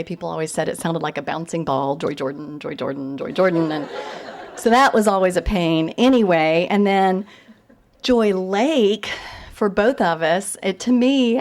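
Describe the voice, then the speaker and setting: A Southern woman from Tennessee, a novelist telling funny, self-deprecating stories at a reading. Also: lowish voice. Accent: Southern American. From East Tennessee. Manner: chatty, self-deprecating, with frequent fillers and laughs. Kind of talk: humorous storytelling talk.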